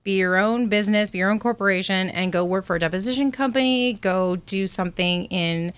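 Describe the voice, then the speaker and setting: A woman's voice: medium pitch, brisk, smooth, no room sound. A woman speaking as a college representative in an interview, enthusiastic and upbeat. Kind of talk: promotional interview.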